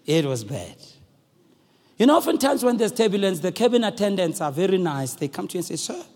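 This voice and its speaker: Male preacher, very high husky voice, booming sermon in a reverberant hall. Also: fairly quick. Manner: animated, calls out to the congregation. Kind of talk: sermon with storytelling.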